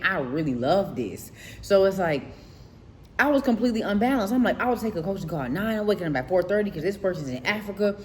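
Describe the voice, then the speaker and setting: Low-voiced woman preaching self-love. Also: a little hiss or hum. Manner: preacher-like, emphatic, repeats declarations and asks the listener questions. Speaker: life coach. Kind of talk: faith-based motivational vlog talk. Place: at home at a candle-lit dinner table.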